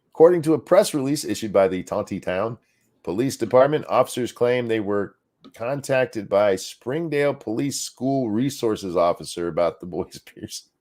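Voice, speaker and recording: A man's voice: fairly low pitch, darkish tone. A man co-hosting a podcast, reading a news article aloud and breaking off for crude sarcastic remarks. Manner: reads aloud with sarcastic asides and profanity.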